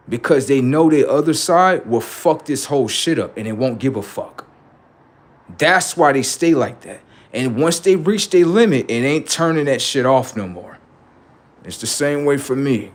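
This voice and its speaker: A middle-aged man rambling profanely to his livestream about his kids, acting out what they say in lively quoted voices. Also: mid-range voice, a little slow. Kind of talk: casual monologue to a livestream audience.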